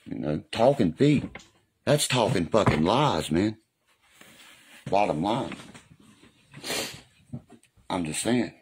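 A man's voice: low voice, lively intonation, slow, pauses often, darkish tone, slight background noise. A man talking casually on a live stream in a rambling, profane way, often asking if you know what he means. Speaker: livestreamer. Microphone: phone or webcam on a live stream.

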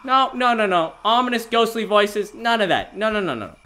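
A teenage boy in his late teens giving excitable, giggly commentary on a horror game, yelping and shouting when startled. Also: high voice, moderate pace. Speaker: gaming video host.

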